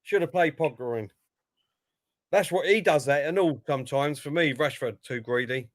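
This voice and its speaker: A man co-hosting a football stream, giving casual live match commentary and getting excited as play unfolds. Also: moderate pace, dry recording. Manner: excitable, jumps up in pitch when play gets lively.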